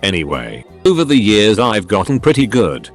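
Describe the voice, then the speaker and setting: A man narrating reader-submitted stories in a steady, even read-aloud manner. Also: fairly low pitch, moderate pace, soft background music. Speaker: story narrator.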